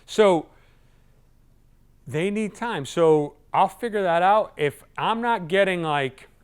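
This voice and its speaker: Sales trainer, male, a touch high-voiced, lively and chatty, plays out customer lines. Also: slow pace, smooth. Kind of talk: live sales training talk.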